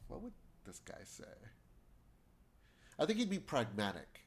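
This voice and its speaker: A man's voice: a little high, huge pitch swings, a little slow, long pauses, slightly rough. A man streaming a video game, reading the dialogue aloud in shifting voices and chatting between lines. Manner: chatty, trails into asides.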